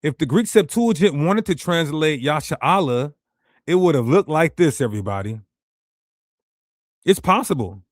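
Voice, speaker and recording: A man's voice: fairly high pitch, animated, moderate pace, pauses often, no room sound, studio quality. A man teaching a ministry presentation in an emphatic, rhetorical way, talking straight to his viewers.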